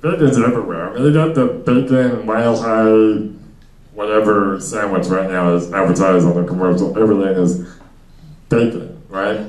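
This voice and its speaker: A young man doing stand-up, his low voice wandering through loose, filler-heavy bits and crowd banter. He sounds a little distant from the mic, and the club room rings around him. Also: moderate pace, darkish tone. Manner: rambling, loose delivery with many fillers and asides. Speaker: stand-up comedian. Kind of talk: stand-up comedy set with crowd work. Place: comedy club stage before a small audience. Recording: echoey room, miked from a distance.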